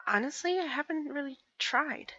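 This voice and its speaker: A woman's voice: high voice, moderate pace, pushed and bright, no room sound, lo-fi sound. A woman running a tabletop game as game master, playful and laughing easily.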